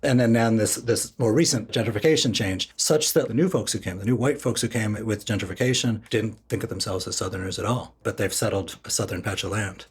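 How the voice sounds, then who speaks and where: Husky low-voiced man on a podcast. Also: a little fast, few pauses. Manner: chatty with many "like" fillers, inquisitive. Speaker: podcast co-host. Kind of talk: casual chat.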